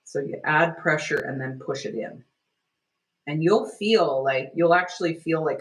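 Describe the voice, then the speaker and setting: A woman leading a live online healing workshop, talking gently and loosely, with many restarts and fillers as she guides a self-care technique. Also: a bass voice, poor audio. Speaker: energy healing teacher.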